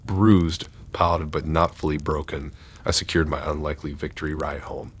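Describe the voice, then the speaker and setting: A man reading horror stories aloud in a steady, dark scripted narration. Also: very deep voice, normal speed, breathy edge.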